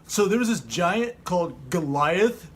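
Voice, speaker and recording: Man doing a laid-back surfer dude, high husky voice, rambling slang, kids' bible storyteller. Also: expressive, unhurried, exaggerated voice.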